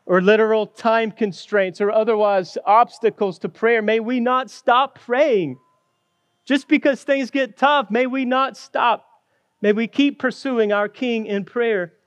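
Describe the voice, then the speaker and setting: A male pastor delivers a sermon in a high, unhurried voice. He speaks earnestly, telling the story slowly. The sound is close and dry. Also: smooth, dry recording, dull audio. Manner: earnest, storytelling with acted quotes.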